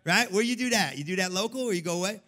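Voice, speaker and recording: A man preaching a sermon in a church, calling out to the congregation and swinging between hushed, intense stretches and loud, sing-song exhortation. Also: sits high, expressive, very fast. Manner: call-and-response preaching, swings from hushed to shouting. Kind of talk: energetic sermon.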